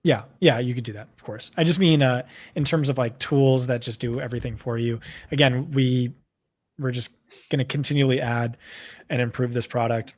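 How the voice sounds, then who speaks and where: A man with a New Jersey accent co-hosting a live stream, talking quickly and casually with lots of fillers. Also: medium pitch, fairly even intonation. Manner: quick, chatty, full of fillers. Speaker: co-host presenting a data tool.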